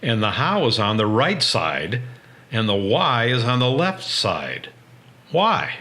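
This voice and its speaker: A man hosting an interview, introducing his guest and asking questions in a clear, measured way. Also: mid-range voice, big pitch swings, bright, forceful tone. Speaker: host. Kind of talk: interview narration.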